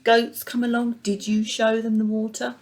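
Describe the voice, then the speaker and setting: A woman playing a kind, fair king in a children's Bible story, speaking gently and in a measured way. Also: fairly high pitch, level tone, voice pushed up, lightly acted. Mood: firm.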